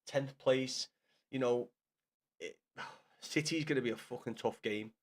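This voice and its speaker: A man's voice: medium pitch, measured pace. A young man chatting casually with his live-stream viewers in blunt, sweary banter. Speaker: livestreamer.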